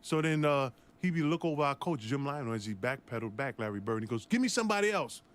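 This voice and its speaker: A middle-aged man, a former basketball player, telling a story with lively acted-out voices. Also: medium pitch, fast talker, clean tone. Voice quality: animated, acts out voices in the story.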